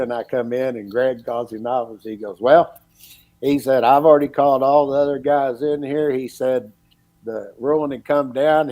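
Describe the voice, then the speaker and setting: A middle-aged man tells a long story in casual chat, quoting everyone along the way. His voice sits at an ordinary pitch. The sound is dry and close. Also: dark tone, no room sound, low-quality recording. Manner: folksy, retells dialogue with repeated "he goes" and "I said". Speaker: podcast guest, former electrical inspector.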